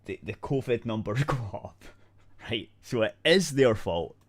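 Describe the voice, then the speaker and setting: A man's voice: medium pitch, animated, unhurried. A man, co-hosting a podcast in casual chat, ranting bluntly and swearing freely. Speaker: podcast co-host.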